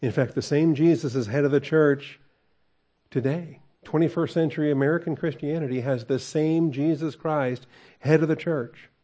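A man's voice: fairly high pitch, moderate pace, warm tone. A man preaching a conversational verse-by-verse sermon as a pastor, asking the congregation questions and chuckling often.

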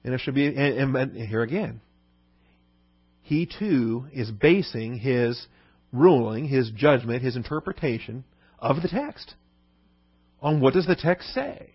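A man's voice: medium pitch, animated, a little slow, pauses often, slightly rough, no echo, dull audio. A man teaching a Bible lesson in a conversational sermon style, often asking the listeners "okay?". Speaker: pastor.

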